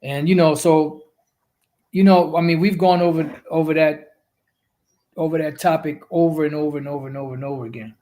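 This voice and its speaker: A man with a somewhat high voice preaches scripture on a livestream. He rambles and circles back, leaning on "you know" fillers and the odd profane aside. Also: fairly even intonation, brisk, warm tone. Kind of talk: livestream religious teaching.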